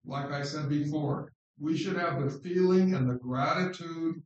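A man preaching an informal sermon on scripture in an unhurried, conversational way, repeating words for stress. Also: a little high, fairly even intonation, highs cut off. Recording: very echoey room, distant mic.

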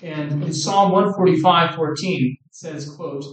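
A man preaching a sermon in an earnest, measured way, quoting scripture. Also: a little high. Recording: echoey room, distant mic.

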